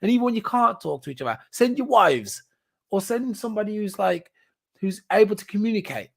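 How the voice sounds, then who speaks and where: A man's voice: high-pitched, a little fast, vocal fry. Rambling man with fillers and laughs. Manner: rambling, animated, laughs often, many fillers and restarts. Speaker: podcast host. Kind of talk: casual solo commentary.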